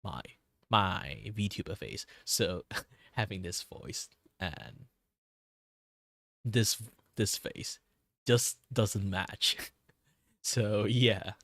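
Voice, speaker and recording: A low-voiced man talks casually to his stream viewers. His voice is tired and wearing thin from a lot of talking. He rambles along with fillers and soft chuckles, close to a dry mic. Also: extremely slow, gravelly, long pauses, no room sound. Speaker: VTuber streamer.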